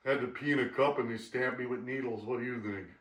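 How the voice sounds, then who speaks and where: A man's voice: medium pitch, fairly even intonation, fast, fairly bright tone. A man trading dry, sarcastic remarks in casual chat at home.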